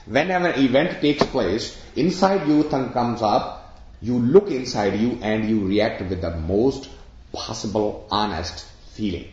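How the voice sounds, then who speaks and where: Slow and slightly mellow, a mid-range male voice leads a spiritual discourse before roughly sixty people, explaining through familiar examples and questions. The recording is echoey and dull, with lo-fi sound.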